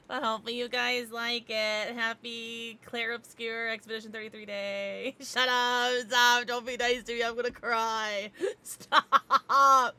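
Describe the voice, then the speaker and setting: A young woman chatting casually on her gaming livestream, giggly and bubbly with loud, excited greetings. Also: on the high side, takes it slowly, clean tone. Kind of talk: casual gaming stream chat.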